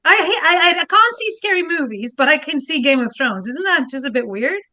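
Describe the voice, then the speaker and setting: Bright, high-voiced woman chatting. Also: moderate pace. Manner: lively, laughs often, restarts words. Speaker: guest historian. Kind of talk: casual chat.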